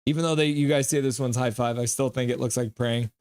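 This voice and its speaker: A man hosting a live stream, reacting to a game and joking with his chat in an animated way. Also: medium pitch, quick pace, smooth.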